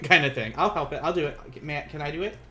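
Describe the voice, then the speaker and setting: A man teaching a beginner Japanese lesson on a live stream, chatty and quick to laugh, often correcting himself mid-sentence. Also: on the high side, pushed and bright, a little hiss or hum.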